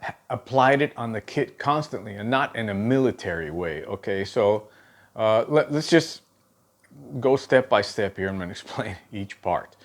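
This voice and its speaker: A middle-aged man teaching drum technique in a relaxed, conversational way, often checking in with a quick "okay?" while counting out patterns. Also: lowish voice. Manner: casual, checks in with frequent "okay?" asides. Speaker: drum instructor. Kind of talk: spoken drum lesson with demonstrations.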